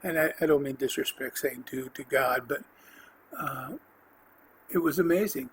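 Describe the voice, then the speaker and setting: A man hosting a podcast, telling his personal faith testimony in an earnest, rambling way, with restarts and the odd throat clearing. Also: medium pitch, normal speed, a bit bright, a little hiss or hum, poor audio. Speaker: podcast host.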